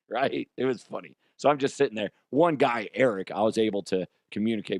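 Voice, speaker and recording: A man hosting a comedy news show with a hoarse, strained voice, talking in a profane, self-mocking monologue. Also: fairly low pitch, normal speed, a little mellow, no room sound.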